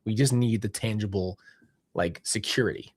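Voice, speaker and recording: A man's voice: lowish voice, normal speed, a little mellow, breathy edge, no room sound, studio quality. A young man talking earnestly and rambling about faith, seated indoors as a podcast host, often correcting himself mid-thought. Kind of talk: reflective faith talk.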